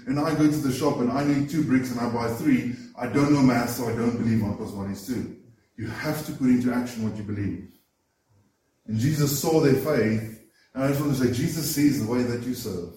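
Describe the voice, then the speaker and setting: A man's voice: mid-range voice, mellow. A man preaching a sermon, earnest and emphatic, often repeating words as he builds a point. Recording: roomy echo, voice from far off the mic.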